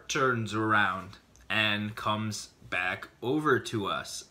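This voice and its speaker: A man's voice: slow, slight background noise. A man vlogging to camera, telling personal stories with big dramatic reactions and acted-out quotes. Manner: excitable, acts out voices in his stories with big pitch jumps. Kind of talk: animated storytelling to camera.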